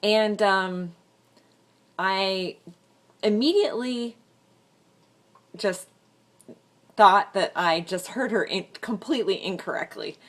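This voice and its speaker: A woman's voice: medium pitch, slow pace, pauses often, a bit bright. A woman telling a funny story to camera in a casual vlog, rambling with frequent fillers and laughs. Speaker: vlogger. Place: room indoors with a fan running.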